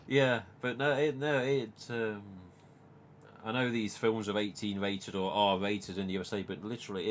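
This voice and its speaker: A man's voice: fairly low pitch, moderate pace, slight background noise. A man in his forties with an English accent, hosting a casual live-stream chat, swearing often and quoting his own words. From England. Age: 40s. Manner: animated, swears a lot, quotes himself. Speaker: host.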